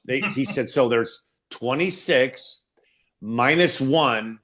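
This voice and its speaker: An older man with a mid-pitched, ordinary voice tells a story from spring training long ago. He talks at an even, steady pace among friends. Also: a little slow. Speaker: former ballplayer. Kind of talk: casual storytelling chat.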